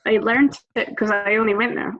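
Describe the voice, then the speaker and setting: A woman's voice: medium pitch, steady tone, fairly quick, fairly bright tone, faint music behind. A woman chatting candidly in a group video call, swearing casually and laughing often. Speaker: brand representative guest. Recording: slightly lo-fi video call audio.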